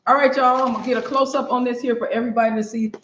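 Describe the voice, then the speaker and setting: A woman's voice: fairly high pitch, steady tone, rapid-fire, fairly bright tone, slight background noise. Brief: woman, cooking-stream host, loose and chatty with viewers, roomy and slightly muffled kitchen sound. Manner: chatty, talks straight to viewers. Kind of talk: casual live cooking stream chat. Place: home kitchen. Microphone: camera on a stand for a live stream.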